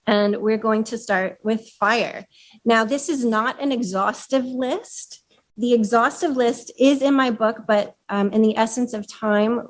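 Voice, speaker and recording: A woman author giving a conversational workshop talk, explaining ideas and asking the room questions. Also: mid-range voice. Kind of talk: live talk to a room of women leaders. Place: room with an audience.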